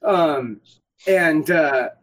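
A man's voice: on the high side, very slow, a bit bright, low-quality recording. A man casually telling a rambling, profane story about getting shot at an airsoft game. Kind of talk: casual podcast chat.

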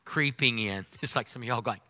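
A man preaching a humorous sermon as pastor, animated, swinging between loud exclamations and quiet asides. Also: mid-range voice, brisk, no room sound.

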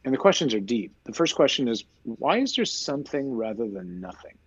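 A man who is a priest, explaining his faith in a lively conversational way, full of rhetorical questions. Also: medium pitch, fairly quick, husky, dry recording, muffled recording. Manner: animated storyteller, rhetorical questions. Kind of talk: conversational teaching.

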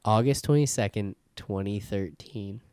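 A man's voice: fairly low pitch, a little slow, dark tone, clean tone, no echo. Chatty young man, dry close sound. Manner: enthusiastic, swears casually, says dude a lot. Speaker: podcast host. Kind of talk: casual chat.

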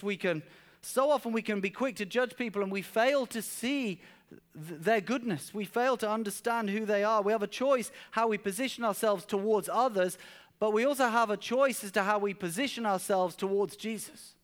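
A man's voice: high voice, moderate pace. A man preaching a sermon at a church service, telling stories earnestly and often repeating words as he goes. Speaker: pastor.

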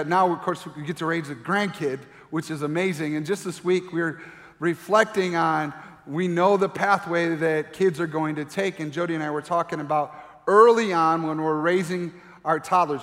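Middle-aged male pastor, high voice, lively storytelling sermon, echoing hall. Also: moderate pace. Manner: animated storyteller, acts out voices. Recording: long reverb of a large hall.

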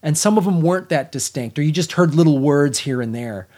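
With a slightly high voice and a fairly quick pace, a middle-aged man reviews a film as a podcast co-host in casual talk. He's animated and blunt, swearing often and restarting his sentences.

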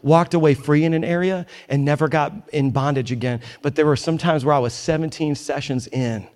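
Male pastor, emphatic sermon delivery, wry asides, a touch higher than typical. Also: steady tone, a little fast, darkish tone. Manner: emphatic, conversational, joking asides. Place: church in New York.

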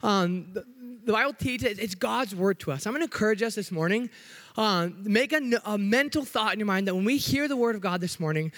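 A young man preaching a sermon as a youth pastor in church, hyper and upbeat, joking with the congregation while trying to slow down. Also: high-pitched, lively intonation, fairly bright tone. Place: church sanctuary.

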